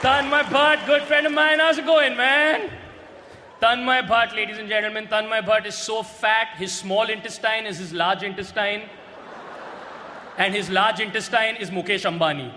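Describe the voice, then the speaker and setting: A man doing a stand-up roast set, brash and often shouting his punchlines on a stage mic. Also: high voice, fairly even intonation, normal speed. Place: large hall with a live audience. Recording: echoey hall, loud crowd and noise.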